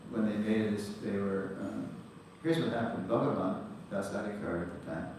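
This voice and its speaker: An older man giving a lively storytelling lecture, recorded from a distance in a large hall. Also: on the low side, moderate pace. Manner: animated storyteller, acts out quotes. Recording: echoey hall, distant mic, noisy.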